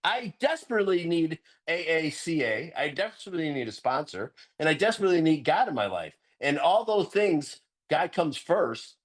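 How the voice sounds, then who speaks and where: Earnest, animated man sharing in recovery. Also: normal speed, few pauses. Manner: earnest and animated, laughing often, jumps sharply higher when emphatic. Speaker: recovery sponsor sharing at a meeting. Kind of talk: candid recovery-meeting share.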